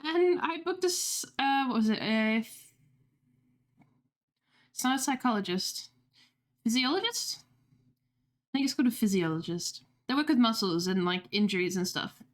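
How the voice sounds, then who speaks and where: A woman's voice: a little high, animated, normal speed, pauses often. A young woman streaming, chatting casually with viewers, talkative and swearing freely with laughing asides. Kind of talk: casual livestream chat.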